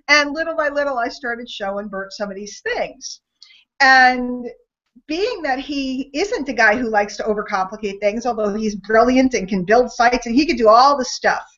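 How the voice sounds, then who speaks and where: A woman's voice: on the high side, animated, normal speed, fairly bright tone. A woman co-hosting a sales webinar in a gushing, chatty way, laughing often, over an online call. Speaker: webinar co-host. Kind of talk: upbeat sales webinar talk. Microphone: online call mic. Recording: dull lo-fi online call audio.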